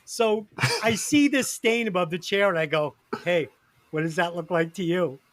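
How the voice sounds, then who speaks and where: Swearing and laughing through his stories, an album-reviewing music podcast host keeps things casual. He speaks at a moderate pace in a voice that sits high and is a bit bright. The recording is dry and studio quality.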